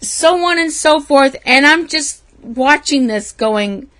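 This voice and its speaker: A woman's voice: high-pitched, lively intonation, takes it slowly, a bit bright. A woman co-hosting a casual talk show, telling a story with lots of laughs and animation. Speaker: podcast co-host. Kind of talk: casual chat.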